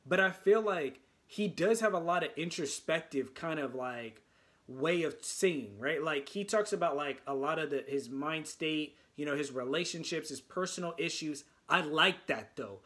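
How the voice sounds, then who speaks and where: A man from the United States with a high voice talks through a music reaction video in a loose, excited way. He rambles and trips over his words as he gives his opinions. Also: normal speed. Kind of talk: casual reaction commentary.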